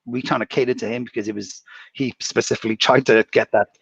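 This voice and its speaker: A man, a casino dealer, rambling through anecdotes and often clearing his throat. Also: medium pitch, steady tone, fast talker, fairly bright tone, dry recording, muffled recording. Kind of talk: casual chat.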